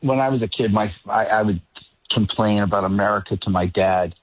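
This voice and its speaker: A man's voice: on the low side, fairly quick, no room sound. A man with a faint Boston accent, calling in as a regular guest on a talk radio show and making easygoing, dry remarks. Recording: tinny phone line.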